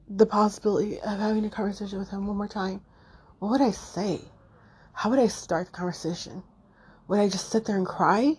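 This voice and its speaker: A middle-aged woman speaks in a husky, mellow voice, halting and restarting as she talks off the cuff. She sounds choked up and close to tears. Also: medium pitch. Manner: halting, emotional, many fillers and restarts. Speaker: podcast host. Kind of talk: unscripted personal monologue.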